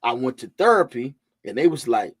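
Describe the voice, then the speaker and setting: A man hosting a casual chat, excitable at times and dropping to quiet asides. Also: medium pitch, brisk, breathy edge, no echo. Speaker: host.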